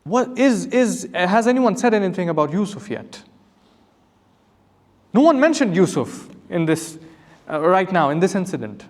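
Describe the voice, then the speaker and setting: A man's voice: sits high, sing-song, normal speed, pauses often. A man, an imam, giving an earnest Quran commentary lecture, asking rhetorical questions and reciting Arabic verses. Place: mosque hall. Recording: long hall reverb.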